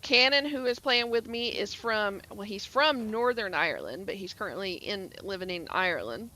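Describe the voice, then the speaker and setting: A woman's voice: mid-range voice, animated, moderate pace, bright, forceful tone. A woman from the Atlanta area with a Southern accent, chatting casually on a game stream, rambling with lots of fillers and restarts. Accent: Southern US (Georgia). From Atlanta area, Georgia, US.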